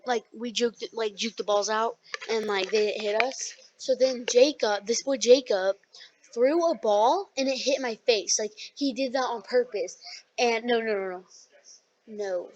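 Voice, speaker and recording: A young podcast co-host telling a rambling school story in casual chat, full of likes and ums. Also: female voice, fairly high pitch, measured pace, a little mellow, a little hiss or hum. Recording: dull lo-fi sound.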